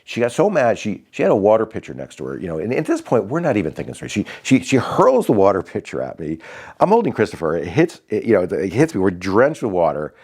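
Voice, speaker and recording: A man with a very low voice tells a story from his life as a father. His pitch swings widely as he acts out what others said, and he often stops and restarts mid-sentence. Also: wildly swooping pitch, a little mellow, husky. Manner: halting, many restarts and fillers, acts out quoted voices. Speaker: father sharing a personal story. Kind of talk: casual personal storytelling.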